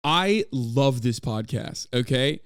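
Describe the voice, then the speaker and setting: A man reacting to podcast clips on a livestream, rambling excitedly and swearing freely. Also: medium pitch, takes it slowly, clear, resonant tone, no room sound, faint music behind.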